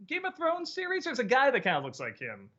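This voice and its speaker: A man's voice: very high voice, wildly swooping pitch, fast talker, pushed and bright, lo-fi sound. A middle-aged man answering viewer questions in a casual livestream chat, rambling, laughing often and swearing freely.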